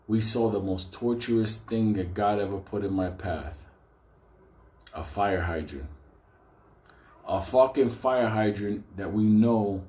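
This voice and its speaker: A man's voice: fairly low pitch, dark tone, reverberant. A man telling a story casually, swearing constantly and laughing between lines. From New York.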